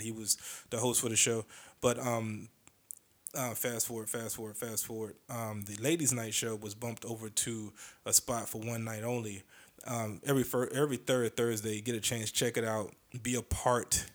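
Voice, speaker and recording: A man hosting his own podcast, chatting casually and rambling with hesitations and quick impressions of other comedians. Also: mid-range voice.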